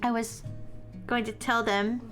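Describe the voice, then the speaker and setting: A woman voicing the quiet, hesitant inner monologue of an anxious teenage schoolgirl in a story game. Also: a little high, level tone, measured pace, soft background music. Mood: hurt. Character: anxious teenage girl narrator, club president.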